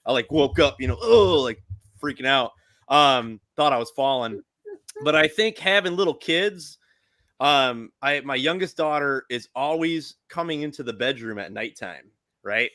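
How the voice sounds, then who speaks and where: A man's voice: mid-range voice, measured pace, bright, forceful tone, no room sound. A father guesting on a casual podcast, telling a rambling story full of fillers. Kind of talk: casual chat.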